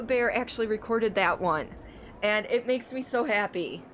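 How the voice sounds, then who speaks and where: A woman's voice: medium pitch, normal speed, fairly bright tone, a little hiss or hum. A young adult woman from Michigan, streaming a game and chatting casually with her viewers, laughing often. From Michigan, United States. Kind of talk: casual gameplay stream chat.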